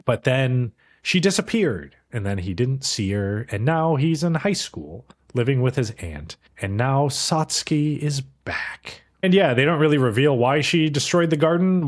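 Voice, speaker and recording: A man co-hosting a podcast, chatting casually about anime, rambling and swearing freely, briefly acting out characters' lines. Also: mid-range voice. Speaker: podcast co-host. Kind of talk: casual anime review chat.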